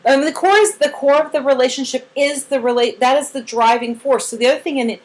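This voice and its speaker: Speaking fast in a high-pitched voice, this female trainer walks through a therapy method in a relaxed, chatty way, captured on a low-quality recording. She tells it like a lively story, performing the quotes, leaning on lots of "like" fillers, and breaking out in upbeat bursts of praise.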